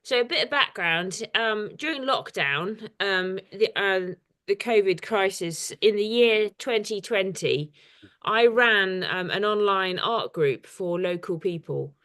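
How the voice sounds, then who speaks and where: A woman's voice: mid-range voice, a little slow, a bit bright. A woman artist leading an informal poetry workshop over a video call, chatty and hesitant, with lots of ums. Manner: chatty, hesitant with many fillers.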